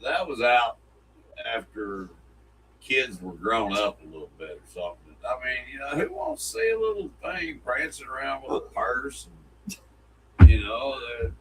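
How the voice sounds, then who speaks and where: A man co-hosting a morning radio show trades casual banter in a rambling, folksy style and is quick to laugh. His mid-range voice is sing-song with a fairly bright tone. The mic sounds somewhat distant, with faint background noise.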